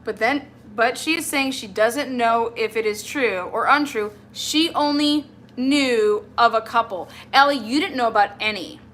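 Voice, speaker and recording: A woman's voice: a little high, a little slow, few pauses, fairly bright tone, a little hiss or hum. Exasperated woman ranting on a livestream. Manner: exasperated, confrontational, addresses absent person directly. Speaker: livestream host.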